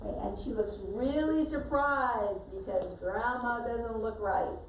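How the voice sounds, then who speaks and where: In a classroom, a woman teacher narrates a story and directs the children acting it out, her voice fairly high and unhurried. The recording is echoey, noisy, and captured from far off.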